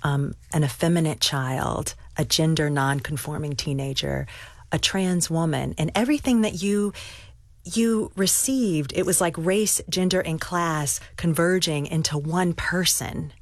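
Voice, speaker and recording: A woman interviewing an author, asking thoughtful, measured questions. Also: low voice, dry recording, clean studio sound.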